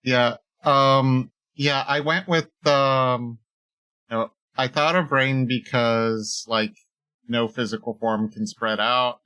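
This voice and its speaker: A man co-hosts a podcast, chatting casually about tabletop games in a mid-range voice that sounds pushed and bright. He's hesitant, with lots of ums and short agreements, and the audio quality is poor.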